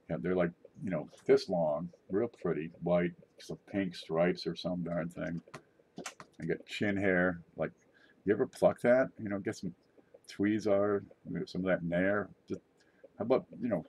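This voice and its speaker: A man's voice: sits low, darkish tone, husky. A middle-aged man hosting his own channel, rambling and joking in a casual monologue. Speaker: channel host.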